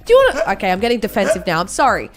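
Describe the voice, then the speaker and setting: An Australian woman talking to camera in a casual, animated and playfully defensive way. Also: mid-range voice, very fast, loud music behind the voice. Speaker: video creator.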